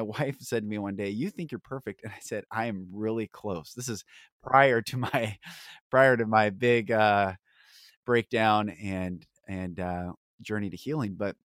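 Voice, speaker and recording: Deep-voiced earnest male podcast host. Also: dry recording, studio quality. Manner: earnest and emphatic, voice rising on key words. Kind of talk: candid podcast conversation.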